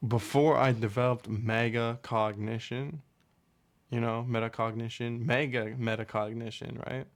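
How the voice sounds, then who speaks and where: Young guy going off about breakups, swears a lot, talks to himself out loud, normal-pitched voice. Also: a little slow. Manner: blunt, profane, animated, acts out inner dialogue. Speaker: relationship advice talker. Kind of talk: casual monologue.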